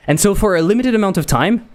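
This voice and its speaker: Chatty French man streaming. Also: high-pitched. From France. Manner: animated, rambling and chatty. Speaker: game developer streamer. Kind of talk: casual live-stream chat.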